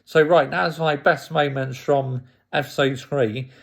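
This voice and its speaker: A man's voice: mid-range voice, steady tone, measured pace, gravelly, fairly bright tone. A man, a YouTuber casually retelling stories and laughing often as he talks. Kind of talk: casual storytelling recap.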